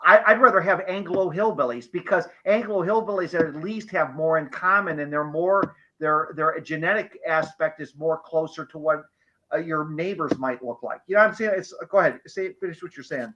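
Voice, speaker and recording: A man's voice: a little high, moderate pace, bright, forceful tone, lo-fi sound, slight background noise. A man in a casual live-stream discussion who talks emphatically, agrees often and keeps checking with "you know what I'm saying".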